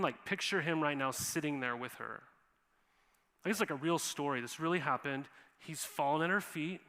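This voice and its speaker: A Montana pastor delivers a sermon in a church sanctuary, his voice bright, forceful, and a bit high for a man. His delivery is casual and animated, and he slips into quoted voices. A long hall reverb trails after his words.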